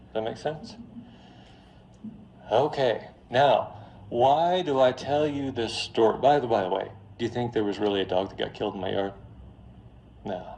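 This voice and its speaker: A man lecturing on finance in a classroom, telling a story in a lively, joking way straight to his students. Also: medium pitch, moderate pace, vocal fry, long pauses, highs cut off, slight background noise. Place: classroom before a live audience.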